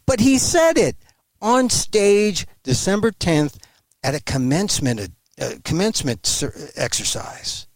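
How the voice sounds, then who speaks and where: An emphatic man talks as an interview guest over a remote link, his pitch leaping around with animation. He restarts phrases often as he pushes his points. The sound is close and dry. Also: big pitch swings, measured pace, no echo. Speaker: guest commentator.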